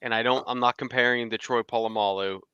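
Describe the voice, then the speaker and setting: A man co-hosting a sports podcast, talking in a blunt, animated way and laughing often. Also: mid-range voice, fast, smooth, no room sound, dull audio. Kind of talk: casual sports chat.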